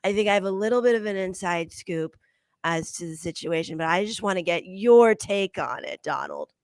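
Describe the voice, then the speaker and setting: A woman's voice: fairly low pitch, expressive, normal speed, dry recording. A woman doing a self-assured celebrity host. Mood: probing. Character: famous middle-aged actress-comedian hosting, self-assured.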